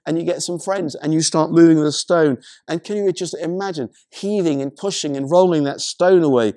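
A male pastor preaching a sermon, retelling a story in an animated way, with many stammered restarts. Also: a little high, normal speed, no echo, clean studio sound.

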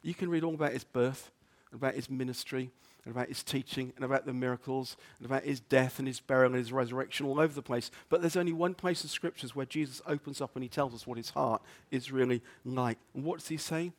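A man preaching a sermon as a pastor, earnest, often repeating words and dropping soft on quotes. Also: on the high side, brisk, few pauses. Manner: earnest, stumbles and repeats words, drops to near-whisper on quotes.

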